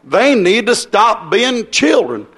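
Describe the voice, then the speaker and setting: A man's voice: sits high, big pitch swings, slow, a bit bright, breathy edge. A man preaching a fiery, folksy revival sermon.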